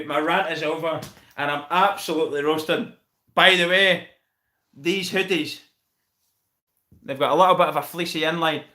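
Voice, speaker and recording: A man's voice: a little high, fairly even intonation, moderate pace, long pauses, pushed and bright, reverberant. A Scottish man hosting a casual live stream, chatting with viewers, thanking them by name and calling them mate. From Scotland. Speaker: channel host reviewing football.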